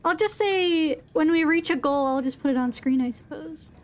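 A woman's voice: sits high, moderate pace. A young woman streaming a horror game, chatting casually with her chat and swearing now and then.

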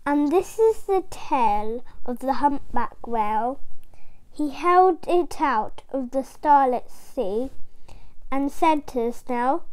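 A woman's voice: sits high, slow. A woman reading a rhyming bedtime story aloud, with a lilting, rhythmic delivery. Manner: rhythmic rhyming read-aloud, lively character voices.

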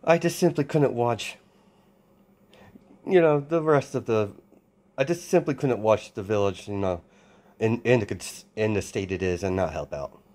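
A man voicing a kind, easygoing young soldier in an improvised fan story, speaking in a relaxed, reassuring way. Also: on the low side, normal speed, pauses often, close to an everyday voice.

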